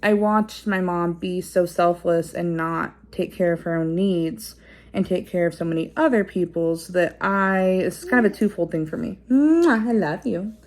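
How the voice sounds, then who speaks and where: Reflective, rambling woman with a lowish voice. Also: moderate pace. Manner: reflective and rambling, with many fillers and restarts; explains like a teacher, checking in with "okay?" and "right?". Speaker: parenting vlogger. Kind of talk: casual talk to camera.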